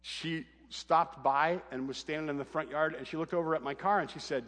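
A man's voice: a little high, normal speed, big-room sound. A middle-aged man, a pastor, telling a humorous family story in a sermon, acting out the voices. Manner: animated, humorous anecdote with acted quotes.

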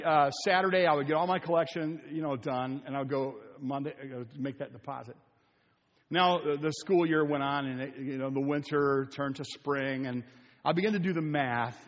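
An older pastor preaches in a church sanctuary in a mid-range voice at a fairly quick pace, his delivery earnest and pleading as he repeats phrases for emphasis. The recording is muffled, with a long reverb tail.

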